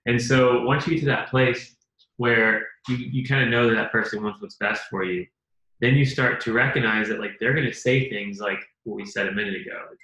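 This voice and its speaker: The speaker, a male co-host of a laid-back advice conversation, has a medium-pitched voice that runs a little fast and sounds pushed and bright, with fairly even intonation. He's earnest and acts out bits of dialogue, recorded in an echoey space.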